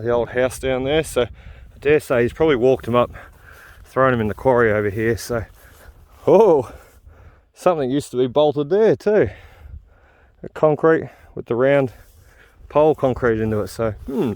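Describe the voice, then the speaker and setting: Man, vlogger, rambling outdoor walk-and-talk, mid-pitched, easygoing. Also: darkish tone, no room sound. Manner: chatty, rambling, frequent "uh" fillers. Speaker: vlogger relic hunting. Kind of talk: casual walk-and-talk commentary. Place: outdoors on a hill in the bush.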